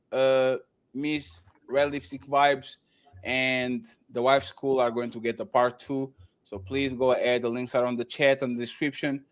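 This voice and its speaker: Male live-show host, casual and joking, stumbles and restarts a lot, mid-pitched voice, close and dry audio. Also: fairly bright tone, no room sound. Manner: loose and joking, stammers through restarts, thanks viewers by name. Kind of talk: casual live-stream chat.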